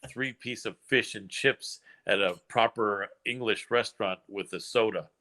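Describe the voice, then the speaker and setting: An American man hosting a casual podcast chat, chatty and quick to laugh. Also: lowish voice. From United States. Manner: chatty, laughs often, excitable. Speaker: host.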